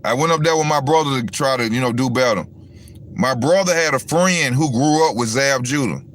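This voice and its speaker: A man's voice: medium pitch, fairly quick, fairly bright tone. A profane, rambling man ranting casually. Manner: casual, profane, rambling, talks to viewers directly. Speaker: boxing commentary host. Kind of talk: casual livestream rant.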